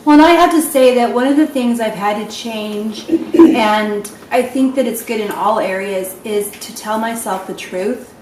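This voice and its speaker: A woman's voice: fairly high pitch, moderate pace. A woman hosting a casual home gathering, telling a story and acting out each person's lines. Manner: animated storyteller who acts out dialogue. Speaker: party host. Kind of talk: casual group chat, storytelling. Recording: echoey room, distant mic, faint noise.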